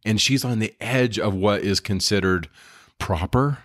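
A man with a very low, deep voice, retelling scripture stories in an earnest, enthusiastic way. He co-hosts a casual discussion and acts out the dialogue as he goes. The sound is dry and close, with no room echo. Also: measured pace, fairly bright tone. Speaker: podcast co-host.

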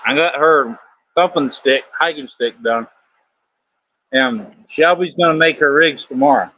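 Man, fishing buddy, easygoing, slightly high voice, dull dry sound. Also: a little slow, pushed and bright, no room sound. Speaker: fishing companion. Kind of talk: casual chat.

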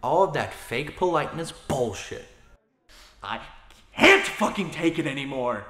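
A man's voice: mid-range voice, animated, measured pace, sharp tone, echoey room. A young actor playing a man irrationally enraged by sports fans, swearing constantly and muttering until he bursts into screaming. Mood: seething. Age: young adult. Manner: profane, seething muttering that erupts into screaming. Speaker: lead actor in a comedy short film. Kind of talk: comedy film acting.

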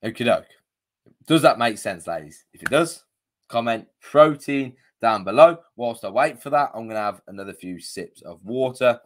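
A man's voice: medium pitch, lively intonation, moderate pace. A man coaching viewers on a live video, chatty and casual, often checking in with "okay?", his voice a bit worn. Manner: chatty, punctuates with "okay?" and "you know". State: slightly losing his voice. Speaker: diabetes coach.

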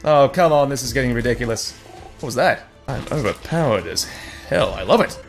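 Animated sarcastic man commenting on gameplay. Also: medium pitch, brisk, gravelly, faint music behind. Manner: sarcastic, swearing, animated reactions to the game. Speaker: let's play host.

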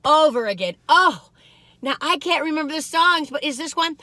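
An excitable woman chats away about food from inside her car, bright and a little high. She speaks in a folksy, homey way and talks between bites. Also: fairly quick, no room sound. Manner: chatty, excitable, folksy, talks while eating. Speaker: food reviewer vlogger. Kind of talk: casual chatty food review. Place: parked car.

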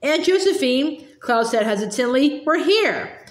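A woman's voice: high voice, animated, normal speed, fairly bright tone. Woman doing a hesitant bookish boy. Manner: hesitant, questioning. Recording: roomy echo.

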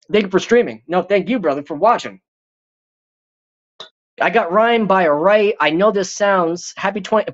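Profane, animated live stream host. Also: male voice, on the high side, dull audio. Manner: profane, rambling, joking and hyped. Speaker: live stream host reading viewer comments. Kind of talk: casual live stream commentary.

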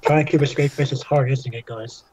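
A man's voice: medium pitch, fairly even intonation, a little fast, background noise. A man in a casual podcast chat who mostly agrees with short interjections and adds brief opinions.

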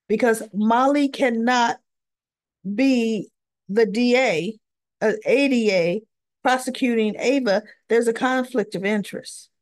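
A woman's voice: on the high side, a little slow, dry recording, clean studio sound. A woman chatting through a soap opera recap, opinionated and talking straight to her viewers. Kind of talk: casual recap chat.

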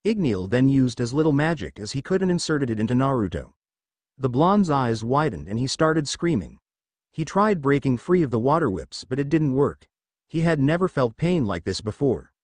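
A man narrating a fan fiction story in an animated reading voice. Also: mid-range voice, no room sound. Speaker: fanfiction reader.

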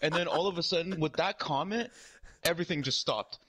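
A man's voice: a little high, brisk, low-quality recording. A young man chatting casually as a streamer, telling a long story in a rambling way, full of "like" and "right?". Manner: animated, rambling, heavy use of "like" and "right?".

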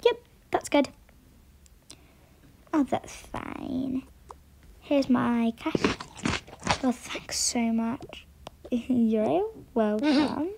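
A woman vlogger walks her viewers through a role-play, often slipping into a whisper. Her voice sits high and carries a gravelly fry, and she talks at a slow, easy pace. A steady noise runs behind the recording.

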